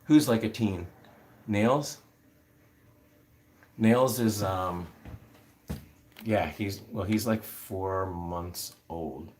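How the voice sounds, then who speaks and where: Low-voiced man chatting casually. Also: extremely slow, long pauses, a little mellow, slight background noise. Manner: rambling, many fillers, answers viewer comments. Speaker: livestream host. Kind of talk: casual livestream chat.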